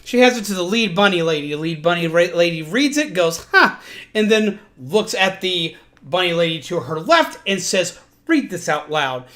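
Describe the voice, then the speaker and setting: A woman streamer casually retelling an anime plot, animated and full of profanity. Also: lowish voice, moderate pace, few pauses.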